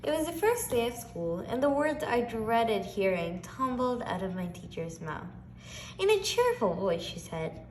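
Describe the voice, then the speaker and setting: A female reader reading a children's picture book aloud with expressive, varied delivery. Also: on the high side, a little slow, slight background noise.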